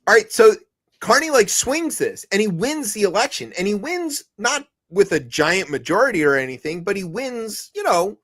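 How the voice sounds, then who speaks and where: A man's voice: high-pitched, sing-song, normal speed, fairly bright tone. A man co-hosting a comedic news podcast, rambling and joking with lots of restarts and mock quotes. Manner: rambling, jokey, many restarts and put-on quotes. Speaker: podcast co-host.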